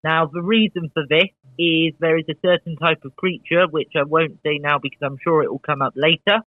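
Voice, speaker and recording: Guy explaining things calmly, muffled lo-fi dry audio. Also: fairly high pitch, brisk, dry recording. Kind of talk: casual chat. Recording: dull lo-fi dry sound.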